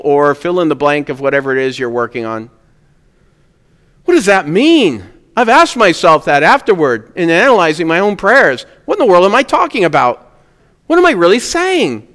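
Male pastor, smooth resonant voice pitched a bit high, earnest sermon delivery, long church reverb. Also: big pitch swings, moderate pace, a bit bright. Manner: earnest preaching, rising to emphatic peaks on key words.

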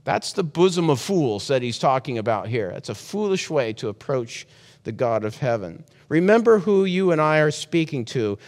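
A man delivering a sermon in a talky, earnest manner, often backing up to restart a phrase. His voice sits slightly high for a man. The recording carries a long hall reverb behind him. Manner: conversational, earnest, frequent restarts. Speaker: preacher.

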